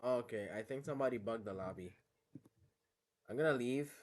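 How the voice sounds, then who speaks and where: A man's voice: medium pitch, moderate pace, a little mellow. Laid-back male gaming streamer. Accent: West African English on the phone call. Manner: laid-back slangy banter, laughs often. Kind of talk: casual gaming stream chat.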